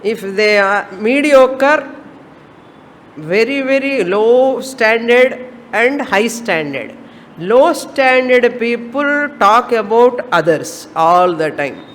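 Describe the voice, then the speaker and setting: A woman's voice: on the high side, animated, takes it slowly, in a large hall, slight background noise. A woman teaching a Vedanta class, repeating herself and firing off rhetorical questions to her students. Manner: repetitive, fires off rhetorical questions. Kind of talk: spiritual lecture to students.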